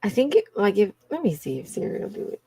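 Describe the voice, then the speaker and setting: A woman's voice: mid-range voice, huge pitch swings, fast, mellow, husky, no echo. Chatty Cajun woman hosting a live chat. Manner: chatty, laughs often, addresses viewers as y'all. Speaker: livestream host. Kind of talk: casual live chat with viewers.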